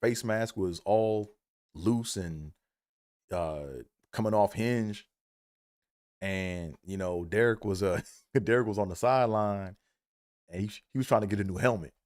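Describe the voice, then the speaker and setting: Deep-voiced man telling a comic story. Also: unhurried, long pauses, darkish tone, no echo, studio quality. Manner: casual, profane, slangy. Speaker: comedic storyteller. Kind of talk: comedic storytelling monologue.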